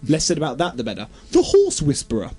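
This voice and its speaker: A young man giving a comic, exasperated film review that keeps bursting into shouted tirades. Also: a little high, huge pitch swings, fast, breathy edge.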